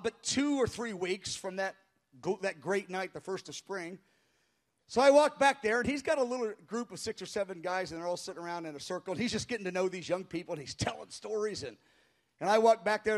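High-voiced preaching man. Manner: animated, acts out quoted voices with sudden outcries; halting with frequent restarts. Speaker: pastor. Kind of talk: storytelling sermon. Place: speaking before a live congregation in a hall.

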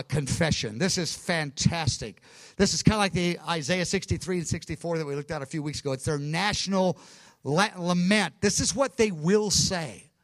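A man preaching a Bible teaching, fervent and emphatic, with quick asides and self-corrections. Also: on the high side, fairly bright tone, no room sound. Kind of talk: sermon-style Bible teaching.

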